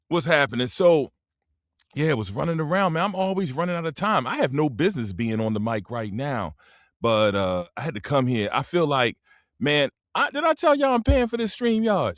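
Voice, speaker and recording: A man hosting a casual live stream, talking in a laid-back, rambling way into a simple microphone, often clearing his throat. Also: mid-range voice, expressive, moderate pace, fairly bright tone, dry recording, clean studio sound.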